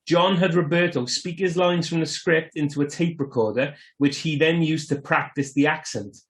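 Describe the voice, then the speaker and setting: A man's voice: on the high side, moderate pace. A man co-hosting a podcast, casually explaining a film's plot and trivia in a matter-of-fact way. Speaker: podcast co-host. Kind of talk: casual film discussion.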